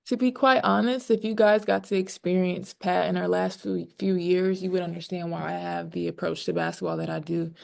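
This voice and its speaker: A woman's voice: lowish voice, level tone, a little fast, gravelly, hardly any pauses, darkish tone. A young woman basketball player answering press conference questions in a candid, reflective way with many fillers.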